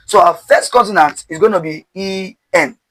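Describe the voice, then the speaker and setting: Male pronunciation teacher, high voice, patient drilling: asks, answers, has you repeat. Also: moderate pace, fairly bright tone, rough recording. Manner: spells out words letter by letter. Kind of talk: step-by-step pronunciation lesson.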